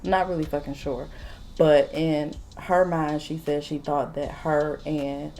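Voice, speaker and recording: A woman in her late twenties telling a casual storytime while doing her makeup, blunt, animated and full of profanity. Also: low-pitched, unhurried, slight background noise. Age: late 20s. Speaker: vlogger.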